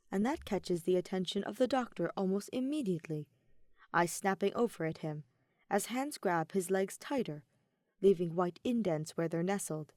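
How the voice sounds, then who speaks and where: A woman's voice: mid-range voice, darkish tone, no room sound. Woman narrating a story, dry sound. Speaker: podfic reader. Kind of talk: audiobook narration.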